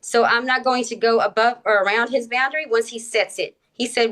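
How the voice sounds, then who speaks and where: Measured woman speaking on a phone livestream. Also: fairly high pitch, fairly even intonation, fairly bright tone. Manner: measured, deliberate, with many fillers. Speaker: TikTok live guest. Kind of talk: casual live-stream debate.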